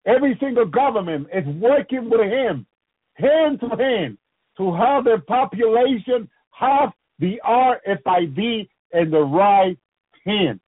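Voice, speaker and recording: A man preaching fervently on a radio broadcast, circling back to his points and murmuring praises to the Lord between them. His voice sits high and sounds husky. The recording is dry and thin, like a phone line. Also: no echo. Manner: fervent, repetitive, frequent "praise you, Lord" asides. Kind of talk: end-times radio preaching.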